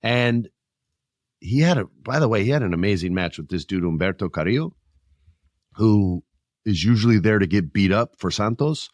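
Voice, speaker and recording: A middle-aged man hosting a podcast, chatting about wrestling in a lively, joking way. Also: fairly low pitch, normal speed, no room sound, clean studio sound. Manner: animated, joking, puts on voices. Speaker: podcast host. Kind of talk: casual wrestling chat.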